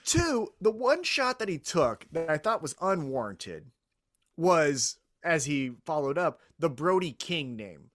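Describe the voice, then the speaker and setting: A man with a slightly high, expressive voice talks on a casual podcast. He is blunt and enthusiastic, cursing offhandedly as he gives his opinions. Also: measured pace, no room sound, studio quality. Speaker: podcast co-host. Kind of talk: casual wrestling podcast chat.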